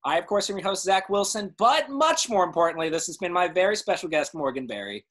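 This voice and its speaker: Male live-show host, hype and playful, animated pitch. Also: a little fast.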